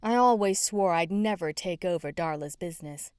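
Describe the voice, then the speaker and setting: A woman's voice: on the low side, moderate pace, a little mellow, clear, resonant tone, no room sound, studio quality. Wry woman narrating an audiobook. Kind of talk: scripted first-person narration.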